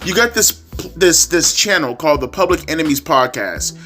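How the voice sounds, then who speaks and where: A man's voice: fairly high pitch, animated, normal speed, pushed and bright, faint music behind. A young man ranting as a YouTube wrestling commentator, profane, repetitive and exasperated.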